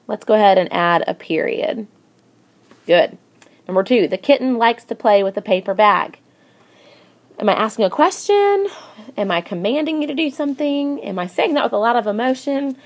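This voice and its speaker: A young woman teacher giving a recorded grammar lesson in a chatty way, reading example sentences in lively voices. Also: mid-range voice.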